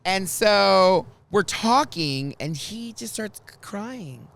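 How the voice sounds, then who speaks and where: A man hosting a podcast in casual chat, an animated storyteller who acts out quotes loudly. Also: sits high, takes it slowly, creaky. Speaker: podcast host.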